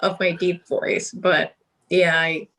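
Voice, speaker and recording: A woman guest on a podcast, chatting casually and telling lively stories with frequent laughs. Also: fairly low pitch, slow pace. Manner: laughs often, animated storytelling. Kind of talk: casual chat.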